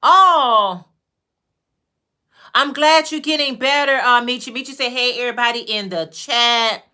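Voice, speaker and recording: Fairly high-pitched, pushed and bright, a woman from Chicago talks with her livestream viewers as she crochets hats. Her Chicago accent comes through as she chats, welcomes people by name and draws her phrases out.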